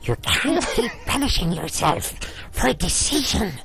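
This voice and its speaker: A man voicing Gollum, a hissing, obsessive male cave creature, in a croaking, gravelly, slow and sinister voice. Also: sits high, very animated, pitched above the performer's own voice, heavily acted. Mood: creepy. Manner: slow drawn-out sinister delivery.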